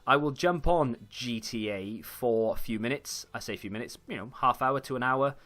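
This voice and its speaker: A man's voice: medium pitch, normal speed, fairly bright tone. A young man chatting casually while commentating his own football video game, rambling with frequent fillers and restarts. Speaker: gaming YouTuber.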